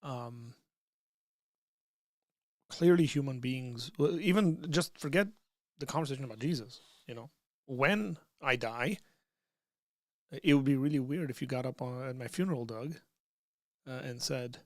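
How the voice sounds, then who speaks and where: Reading questions from the chat, a man answers them in a loose, conversational style on his casual livestream, restarting frequently. He has a medium-pitched voice, takes his time, and pauses often, with clean studio audio and no room sound.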